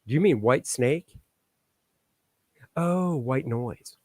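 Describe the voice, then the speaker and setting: A man's voice: medium pitch, expressive, takes it slowly, a little mellow, no room sound, studio quality. A man hosting a live stream as a comic artist, chatting casually and muttering jokes while he fiddles with his microphone settings. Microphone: microphone on a stand.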